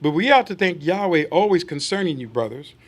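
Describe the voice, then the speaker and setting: Speaking briskly and expressively, a high-pitched male preacher reads a passage of scripture. He then questions the congregation rhetorically and mimics little quoted voices to press his argument.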